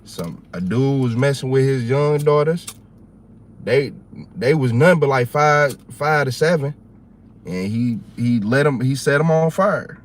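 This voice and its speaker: A man with a Southern US accent hosting a livestream, chatting casually in a rambling, animated, slangy way. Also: medium pitch, a little slow, a little hiss or hum. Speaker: livestream host.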